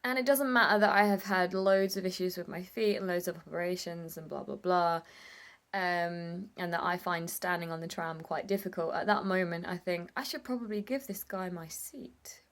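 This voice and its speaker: A woman's voice: lowish voice, fairly even intonation, moderate pace, a bit bright. A young woman telling a personal story to camera in a candid, emotional vlog, swearing casually and tearing up at times. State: tearful at times. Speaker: vlogger.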